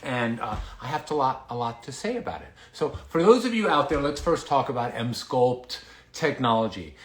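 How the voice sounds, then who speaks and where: A man, a dermatologist, hosting a casual livestream, chatty and excitable, rambling with lots of fillers, a little out of breath. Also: medium pitch, normal speed. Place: home basement. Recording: echoey room.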